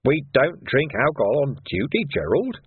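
A man's voice: medium pitch, big pitch swings, moderate pace, husky, no echo, voice pushed up. A man doing a sardonic, intimidating police boss. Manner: dry, mock-cheerful, intimidating. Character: shrewd, sardonic male police commander. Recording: dry phone-like narrow sound.

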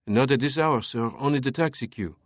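A keen young male lieutenant reporting in quick, short bursts, pitched well above a man's usual reading voice, as a male audiobook reader puts him on. The sound is dry and close. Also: no room sound, lightly acted. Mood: urgent. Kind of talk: audiobook character voice.

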